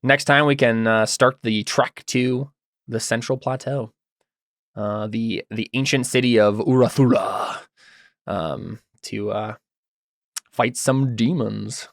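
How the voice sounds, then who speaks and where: A man's voice: medium pitch, steady tone, slow, no room sound, studio quality. A man running a tabletop game as game master, narrating scenes with many fillers and restarts.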